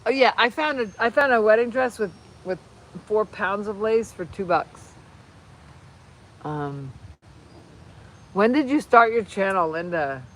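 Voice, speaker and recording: A woman hosting a casual livestream on her phone while crafting, rambling and excitable, often breaking off mid-sentence. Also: mid-range voice, measured pace, pauses often, low-quality recording. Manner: rambling, excitable, self-interrupting. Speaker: channel host.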